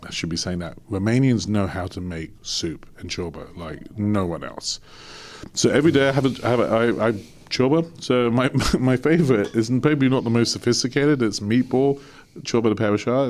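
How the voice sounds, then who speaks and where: A middle-aged man from London, speaking as an honorary consul in a casual interview, jovial and animated, laughing often. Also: on the low side. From England.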